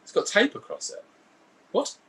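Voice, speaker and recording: A man, co-hosting a casual podcast and telling stories in a sweary, animated way. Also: normal speed. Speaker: podcast co-host. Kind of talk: casual chat.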